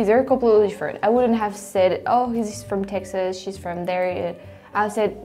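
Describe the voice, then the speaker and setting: A woman's voice: medium pitch, warm tone. A woman with a French accent, a native French speaker hosting a casual reaction video, chatting, laughing often and restarting her sentences. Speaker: host.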